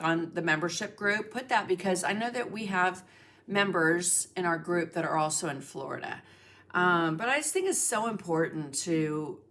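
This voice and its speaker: A woman's voice: fairly low pitch, a bit bright. A middle-aged woman hosting a casual art livestream, chatting and greeting viewers by name with lots of fillers. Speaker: livestream host, art instructor.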